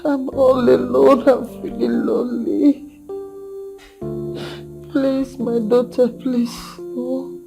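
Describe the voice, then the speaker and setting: A woman's voice: sits high, level tone, gravelly, full character voice. An older woman with a Nigerian accent playing a grieving widowed mother-in-law who pleads for a grandchild in a film drama. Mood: pleading. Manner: mournful, pleading, slow. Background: soft guitar music.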